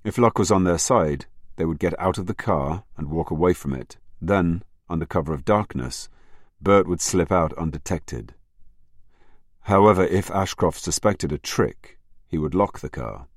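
A man narrating a crime novel audiobook in a measured, steady storytelling manner. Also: deep voice, no echo, studio quality. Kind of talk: scripted narration.

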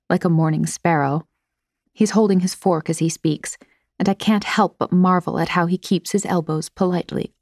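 A woman narrating an audiobook in a measured, precise way. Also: fairly low pitch, creaky, darkish tone, no echo, clean studio sound.

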